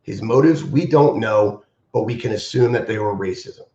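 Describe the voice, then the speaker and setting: A man's voice: fairly low pitch, moderate pace, dark tone. A man who teaches martial arts, speaking on a live stream in an impassioned, emphatic way and repeating his key phrases. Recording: roomy, dull lo-fi stream audio.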